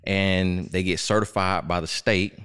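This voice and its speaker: A man's voice: low voice, steady tone, unhurried, a bit bright, clean tone, dry recording, clean studio sound. A man in his thirties from Florida with a Southern accent, a guest life coach chatting casually and telling stories. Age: 30s. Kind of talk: casual podcast chat.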